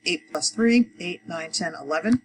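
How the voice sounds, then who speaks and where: A woman's voice: on the low side, moderate pace, a little hiss or hum, rough recording. A woman teaching adult education math, talking through each step of a problem, counting aloud, with frequent fillers.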